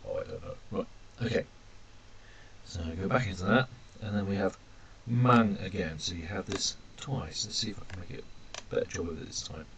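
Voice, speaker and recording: A man teaching a language lesson while drawing characters on screen, chatty and self-deprecating, calling his viewers ladies and gentlemen. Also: low voice, moderate pace, vocal fry, slight background noise.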